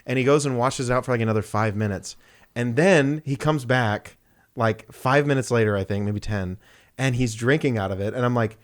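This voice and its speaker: A man's voice: medium pitch, fairly quick. A young man, casually telling stories on a podcast and acting out the voices of the people in them. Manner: animated, acts out voices in his anecdotes. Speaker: podcast co-host. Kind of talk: casual storytelling chat.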